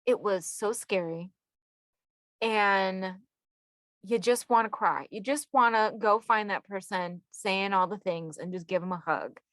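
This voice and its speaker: A woman guest therapist chatting casually on a podcast, telling stories with lively acted-out quotes, saying y'all and swearing casually. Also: medium pitch, unhurried, no echo. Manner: animated storyteller who acts out quoted people.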